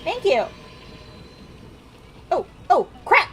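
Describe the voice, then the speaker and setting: A woman's voice: a little high, animated, a little slow, long pauses, a bit bright, a little hiss or hum. A woman streamer giving casual, rambling gameplay commentary full of fillers. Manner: chatty, rambling, with many fillers.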